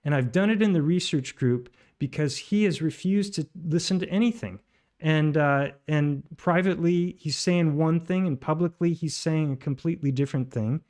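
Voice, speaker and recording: A man with a voice sitting a touch high, hosting a commentary of his own. He rambles, pausing on fillers and restarting his sentences as he goes. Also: darkish tone. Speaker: channel host. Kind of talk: commentary on played voice messages.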